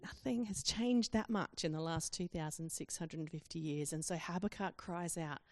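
A woman's voice: on the low side, moderate pace, darkish tone, dry recording, studio quality. A woman preaching a sermon, acting out quoted questions with rising emphasis.

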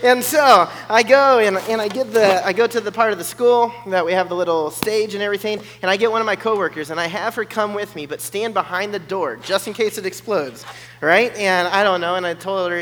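A high-pitched man tells a personal story with lots of energy, acting out the voices of the people in it. His tone is bright and forceful, and a long hall reverb trails behind him. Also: a little fast, a little hiss or hum. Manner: animated, acts out the other people's voices.

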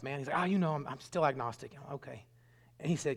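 A middle-aged man preaching a sermon, telling stories earnestly and swinging between loud bursts and hushed lines. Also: on the high side, normal speed. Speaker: pastor.

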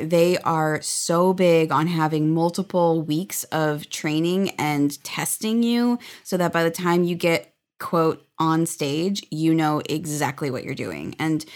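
Give me an upbeat woman with a fairly low voice, guesting on an interview. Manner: chatty, upbeat, laughs often. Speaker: guest, former theme park character performer. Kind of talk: casual interview storytelling.

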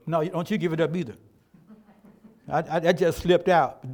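A man's voice: fairly high pitch, normal speed, a little mellow. An older man preaching a sermon as pastor, in a folksy, emphatic and colloquial way.

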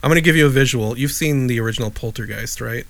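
A middle-aged man co-hosts a casual podcast, meandering through an old memory. He corrects himself often and slips in dry asides, in an ordinary mid-pitched voice. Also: fast, fairly bright tone. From Wheeling, Illinois, USA. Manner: rambling, self-correcting storyteller with dry asides. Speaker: podcast co-host. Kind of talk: casual chat.

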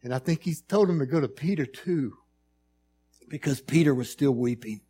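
A male preacher delivering a sermon in a mid-pitched voice. He builds his points through rhythmic repetition, dropping to a hushed plea and then rising to loud, emphatic storytelling. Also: normal speed, breathy edge.

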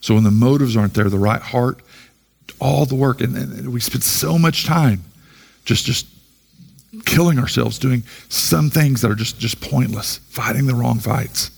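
A man's voice: medium pitch, a little slow, gravelly, slightly rough, in a large hall. A man pastor giving a conversational sermon full of rhetorical questions.

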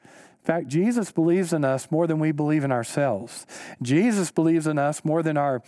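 A pastor preaching a sermon, earnest and emphatic, repeating key lines slowly for weight. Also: male voice, warm tone, no echo, studio quality. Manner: rises in pitch when stressing a point.

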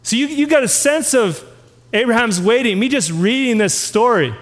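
Pastor, male, very high voice, sermon with scripture readings and questions to the room, long hall echo. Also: expressive, normal speed. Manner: reads scripture aloud and asks the listeners questions.

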